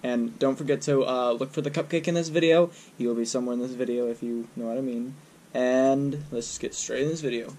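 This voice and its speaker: A man's voice: medium pitch, fairly even intonation, fairly quick, dark tone. A young man introducing his video in a casual, rambling way, speeding up through his asides. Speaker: YouTuber. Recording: faint background noise.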